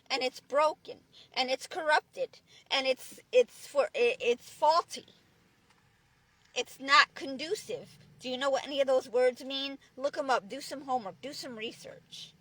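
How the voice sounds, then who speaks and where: High bright woman ranting angrily. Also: a little slow, dry recording. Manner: profane, preachy, repetitive restarts. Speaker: vlogger. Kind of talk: angry ranting monologue.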